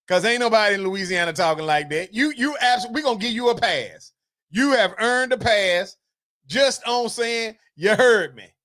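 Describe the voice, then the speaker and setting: A livestream host from the Carolinas, reading out viewer comments and answering them in a loose, chatty way. The talk is playful and teasing, with mock scolding aimed at the chat, at a middling pitch. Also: a bit bright. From North Carolina, US South.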